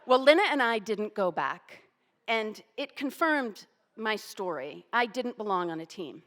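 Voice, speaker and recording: A woman in her forties telling a personal story, animated and self-deprecating. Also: mid-range voice, unhurried, long reverb tail. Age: 40s.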